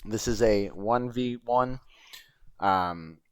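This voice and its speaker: A man's voice: on the low side, slow pace, clean tone, no room sound. Rambling, chatty man hosting his show. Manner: rambling and chatty, with frequent fillers and profanity. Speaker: host. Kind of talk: casual commentary over a video.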